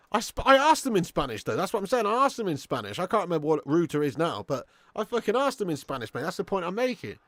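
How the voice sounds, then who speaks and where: A man's voice: high-pitched, very animated, fairly quick, a bit bright, no echo. A young man hosting a live football watch-along who chats, swears and laughs, bantering with viewers in the chat.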